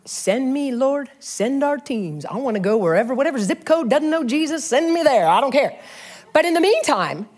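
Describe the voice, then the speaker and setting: A middle-aged woman delivers a sermon with a high, lively voice that leaps up and down. She tells stories animatedly and laughs often along the way. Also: normal speed. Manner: animated, storytelling, frequent laughs. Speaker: pastor.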